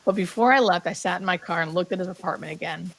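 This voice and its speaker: Her fairly low voice moves fast on a low-quality recording. She's a hospice nurse in her thirties, a guest sharing a heartfelt personal story full of "like," slipping into a whisper whenever she quotes someone.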